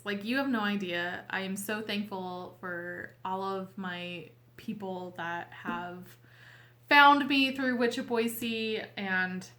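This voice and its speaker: A woman hosting her own channel speaks slowly and earnestly, her voice bright and a little tense as she fights back tears. She talks in a casual, heartfelt way, halting and restarting as she goes. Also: medium pitch. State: weepy, tearful. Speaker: tarot reader and channel host. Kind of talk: casual heartfelt talk to camera.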